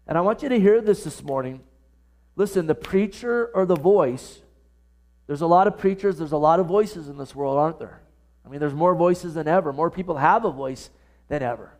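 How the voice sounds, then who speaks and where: A man with a fairly high voice preaches a sermon at a church service. He speaks earnestly and keeps putting direct questions to his congregation. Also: a little fast, a little mellow. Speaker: pastor.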